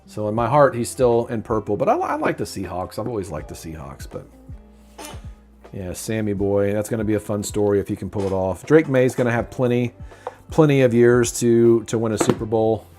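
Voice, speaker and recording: A man's voice: lowish voice, expressive, moderate pace, darkish tone. A middle-aged man hosting a casual live stream, chatty and openly sentimental, reading viewer comments aloud and answering them. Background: faint lo-fi music.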